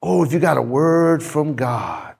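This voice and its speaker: A preacher man with a high, gravelly and husky voice, telling a story from the pulpit. He acts out the dialogue, swinging between lively lines and sudden soft, low passages. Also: a little slow. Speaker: pastor. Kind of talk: sermon storytelling.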